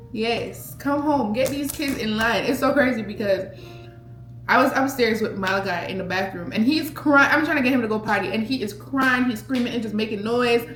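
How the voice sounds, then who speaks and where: A woman telling a story in a casual vlog, animated and expressive, laughing often as she talks to her camera. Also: on the high side, echoey room. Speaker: vlogger mom. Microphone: handheld camera.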